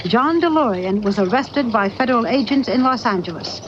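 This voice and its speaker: Woman TV correspondent, measured reporter voice, dull 1980s broadcast audio with faint hiss. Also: fairly high pitch, lively intonation. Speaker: TV news correspondent. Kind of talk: news report narration and interviewing.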